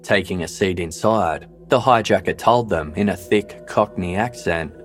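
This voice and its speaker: A very low-voiced man narrates a true-crime story with a measured, even, scripted delivery. Soft music plays faintly beneath him.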